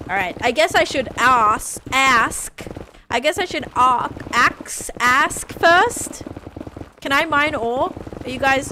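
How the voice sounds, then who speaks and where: A woman's voice: fairly high pitch, sharp tone, a little hiss or hum. A woman streaming live and chatting casually with viewers, talking in a loose, chatty way with many fillers and restarts and a non-American English accent.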